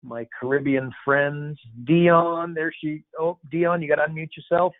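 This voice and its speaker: A playful man hosting a relaxed Q&A call, joking with the callers as he talks. His voice sits a touch high. It comes through dry and tinny, like a phone line. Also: measured pace, dry recording. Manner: jokey, playful, rambling. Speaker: host. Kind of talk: casual Q&A call.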